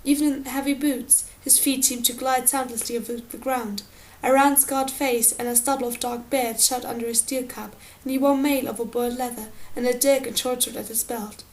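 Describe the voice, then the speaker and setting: A woman's voice: a little high, fairly even intonation, normal speed, darkish tone, poor audio. Woman reading a fantasy novel aloud. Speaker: audiobook reader. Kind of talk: audiobook narration.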